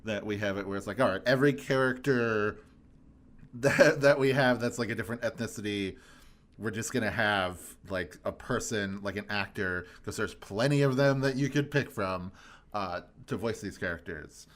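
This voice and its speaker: A man co-hosting a podcast, chatting casually in a relaxed, rambling way and laughing often. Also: fairly low pitch, normal speed. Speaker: podcast co-host. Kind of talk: casual chat.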